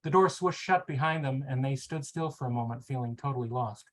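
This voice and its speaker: A man hosting a podcast who chats casually and reads narration from a book. His narration is steady, and his chat is full of fillers. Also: mid-range voice, fairly quick, low-quality recording. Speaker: podcast host. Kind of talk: casual chat and reading aloud.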